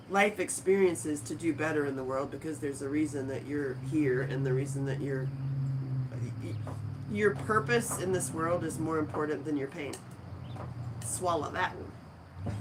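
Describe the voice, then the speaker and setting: A woman hosting a casual livestream from a friend's house, rambling and laughing as she talks in a deep morning voice. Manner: rambling, chatty, laughs easily. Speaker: livestream host. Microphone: phone camera.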